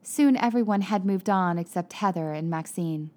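A woman reading a story aloud in an even, measured narration. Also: mid-range voice. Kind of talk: audiobook narration.

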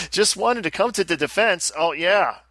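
A man's voice: high-pitched, animated, normal speed, sharp tone, no room sound. A man with an Australian accent, co-hosting a casual podcast and reading listener mail aloud in a chatty way. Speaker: podcast co-host.

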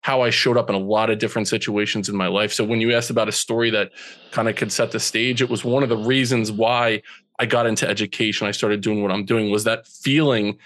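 A man's voice: lowish voice, steady tone, fairly bright tone, dry recording. Earnest man in his forties, dry sound. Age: 40s. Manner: earnest, slow and emotional when recalling hurt. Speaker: guest. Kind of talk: personal storytelling in a podcast interview.

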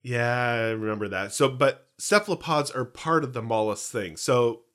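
A man's voice: mid-range voice, normal speed, a bit bright. A man co-hosting a podcast, chatting casually in a jokey, rambling way. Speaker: podcast co-host. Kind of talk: casual chat.

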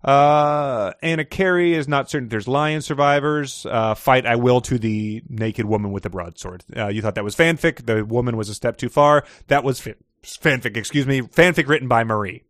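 A man's voice: mid-range voice, moderate pace, few pauses, fairly bright tone, no echo. Male podcast host, dry close mic, reads prose dramatically, laughs easily. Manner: reads passages expressively, laughs often. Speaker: podcast host reading excerpts. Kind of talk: casual chat with dramatic readings.

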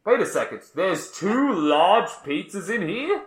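A man's voice: high voice, big pitch swings, a little slow. A man improvising a comedy sketch as a pizza delivery guy, exasperated and laughing through lines.

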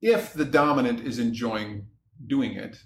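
A man talking candidly as a podcast guest, telling his story in an animated way and loudly acting out his exasperation. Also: medium pitch, unhurried, echoey room, a little hiss or hum. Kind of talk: candid casual chat.

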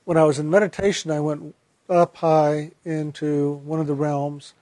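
A man's voice: a little high, level tone, moderate pace, dark tone, no room sound. A man, a spiritual teacher, animatedly telling a story from his meditation and sometimes laughing. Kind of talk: storytelling talk about meditation.

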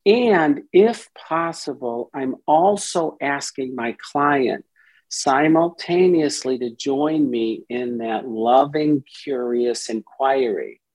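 A man's voice: mid-range voice, slow pace, darkish tone, poor audio. A man speaking as a therapist and podcast guest, explaining ideas at length and briefly acting out inner voices in quotes. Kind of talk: explanatory interview talk.

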